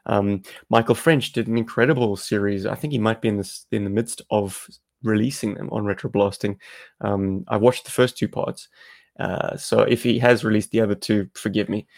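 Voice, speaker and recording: A man's voice: fairly low pitch, fairly even intonation, moderate pace, gravelly, a little mellow. A South African man co-hosting a podcast, chatting casually and explaining things at length. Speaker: podcast co-host.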